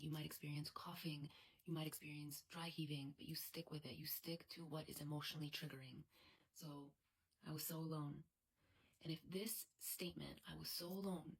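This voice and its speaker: Soft-spoken woman, low and gravelly. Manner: soft, frequently whispered delivery. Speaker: EFT tapping coach. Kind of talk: guided tapping instruction.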